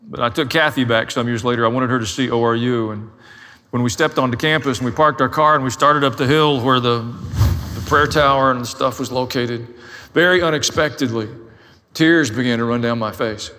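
Man, pastor, sermon, bright forceful voice, candid self-mocking storytelling, long reverb of a big hall. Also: mid-range voice, fairly quick.

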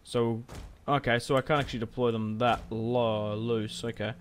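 A man's voice: mid-range voice, steady tone, normal speed, a little hiss or hum. A young man giving casual, rambling commentary over a strategy game, restarting sentences and swearing freely. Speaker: gaming video host.

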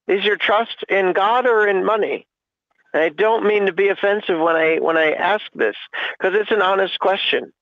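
A man's voice: high-pitched, normal speed, no echo. A man speaking earnestly as a church panelist, preaching with many fillers over a lo-fi stream. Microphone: online call or stream mic.

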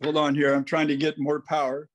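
An older man with a high voice tells stories, lively and chatty. He acts out the quoted lines as he goes. He is heard over a call. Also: fairly quick, lo-fi sound. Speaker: guest, basketball coach. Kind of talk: casual anecdotal storytelling.

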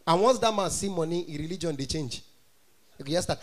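A Nigerian-accented male comedian tells stories on stage in an animated way, often breaking into mock singing. His voice sits high for a man. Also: fairly quick. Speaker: stand-up comedian. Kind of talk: stand-up comedy in Pidgin.

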